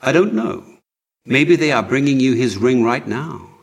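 A man reading as a hushed, grave old physician. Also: medium pitch, expressive, measured pace, vocal fry, pitched above the performer's own voice. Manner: hushed, solemn. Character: grave old royal physician, quiet and sorrowful. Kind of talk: audiobook character reading.

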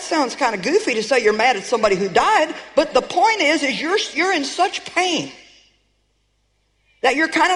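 A woman's voice: high voice, animated, normal speed. Woman preacher, emphatic sermon delivery with call-outs, big hall reverb. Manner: emphatic, calls out to the congregation; storytelling, rising to shouts.

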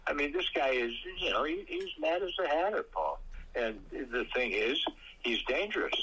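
A man's voice: mid-range voice, sing-song, normal speed, pushed and bright, a little hiss or hum, rough recording. A man in a casual political chat on the radio, speaking hesitantly with frequent fillers, then pressing his points emphatically.

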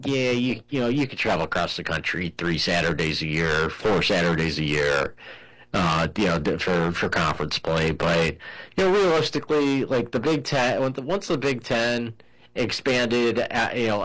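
Low-pitched male host, rambling casual sports talk, heavy on fillers. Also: lively intonation, normal speed, fairly bright tone, low-quality recording. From Ohio. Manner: rambling, lots of "you know" fillers. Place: home in Arizona.

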